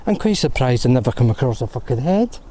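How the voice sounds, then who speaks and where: A man rants with fury in an outdoor vlog, his voice dark and mellow. Faint outdoor noise sits behind him. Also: medium pitch, sing-song, quick pace. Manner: outraged, ranting, swearing. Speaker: paranormal vlogger. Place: graveyard outdoors.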